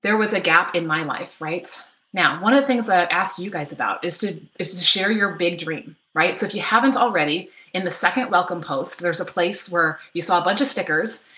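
A middle-aged woman leads a live online workshop from her home office, upbeat and chatty, checking in with "right?" again and again. Her voice sits lowish and sounds pushed and bright, brisk with few pauses, in a roomy-sounding space.

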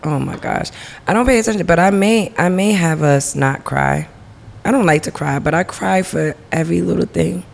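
A chatty woman co-host on a casual podcast, with a gravelly, creaky edge to her voice. She laughs easily and talks in loose, informal grammar. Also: fairly low pitch, moderate pace, a little mellow.

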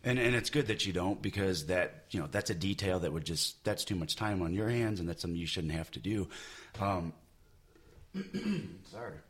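Man, very low voice, comic artist, casual chat, rambling fillers. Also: animated, moderate pace, breathy edge. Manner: rambling, many you-knows and restarts.

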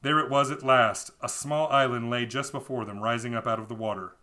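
Brief: amused male podcaster, bright voice, mocking a storybook as he reads. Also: medium pitch, steady tone, brisk. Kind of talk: reading a children's book aloud with mocking asides.

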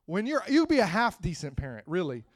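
A man preaching a sermon, moving from quiet, close talk to loud, rising preaching and calling out to the congregation. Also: high-pitched, huge pitch swings, quick pace, no room sound. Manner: calls out to the congregation.

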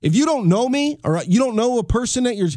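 Fired-up man ranting, high voice. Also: animated, brisk, darkish tone, dry recording, studio quality. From United States. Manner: fired-up, swearing, repeats and restarts. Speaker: podcast host. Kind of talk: solo podcast rant.

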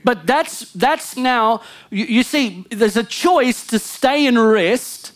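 Animated woman pastor preaching a sermon. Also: slow. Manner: animated preaching, frequent "come on" and "amen"; wide swings between loud emphasis and low murmured asides.

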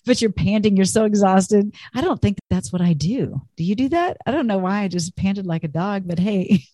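A woman's voice: medium pitch, animated, normal speed, few pauses, mellow, no echo, studio quality. A woman fitness instructor giving an upbeat, chatty talk on stretching and endurance, encouraging listeners and laughing at herself.

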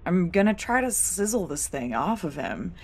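A woman's voice: on the low side, very animated, normal speed, husky. A woman playing a tabletop horror game, chatting casually about her rolls. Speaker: player.

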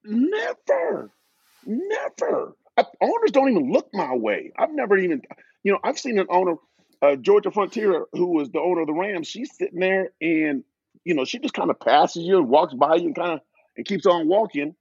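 A man's voice: fairly quick, breathy edge, no room sound, dull audio. A middle-aged man, a former pro football player, telling stories in a podcast interview and acting out quoted exchanges. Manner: animated storyteller, acting out quoted exchanges in a higher voice.

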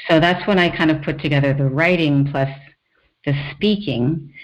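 A middle-aged woman, a screenwriter and author, telling her own story as a podcast guest, animated, often laughing and acting out quotes. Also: deep voice, moderate pace, rough recording.

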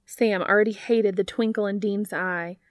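A woman's voice: mid-range voice, fairly even intonation, normal speed, dry recording. A woman narrating fan fiction aloud in a wry, dry storytelling manner.

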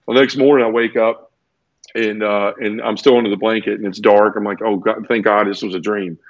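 A man's voice: on the low side, fairly even intonation, a little fast, no echo. A man telling a personal story as an interview guest, earnest and teary, often repeating words and restarting his sentences. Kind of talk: emotional personal storytelling in conversation. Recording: dull lo-fi dry sound.

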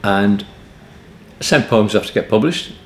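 An older man in his eighties with a Liverpool accent recalls his past in a low-pitched voice, drifting through wry, meandering anecdotes and restarting his sentences often. He sits in an echoey hotel room with a faint hum of ambience behind him. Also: animated, measured pace. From Liverpool area, England. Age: 80s. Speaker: poet guest. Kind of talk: relaxed anecdotal interview answers. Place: hotel book room, indoors. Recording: roomy echo, faint ambience.

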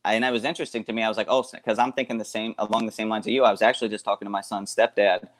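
A man co-hosting a casual podcast, rambling and halting, with frequent restarts. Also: on the low side, flat delivery, a little hiss or hum. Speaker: guest co-host. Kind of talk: casual chat.

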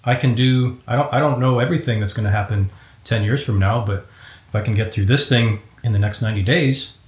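A man hosting a relaxed interview, friendly and agreeable, often chiming in with short replies. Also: medium pitch, brisk, echoey room. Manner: affable, chatty, agreeable interjections. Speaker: interview host. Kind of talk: casual conversational interview.

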